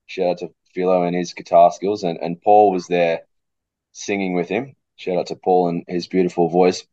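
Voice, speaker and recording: Deep-voiced Aussie male coach guest, dry close sound, thoughtful, coughing now and then. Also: little pitch movement, moderate pace, warm tone, no room sound, dull audio. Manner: thoughtful, repeats words as he thinks. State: coughing fit. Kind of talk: casual interview chat.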